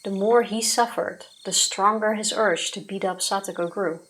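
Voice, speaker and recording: A woman co-hosting a let's play, reading the visual novel's text aloud in a steady, even way, with casual asides to her partner. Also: mid-range voice, normal speed, a little hiss or hum. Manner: steady, even reading pace with occasional yawns.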